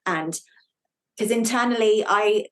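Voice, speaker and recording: A woman's voice: medium pitch, slow pace. A woman hosting a podcast, chatting casually and sharing personal experiences while affirming her guest. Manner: warm listener, frequent affirming murmurs.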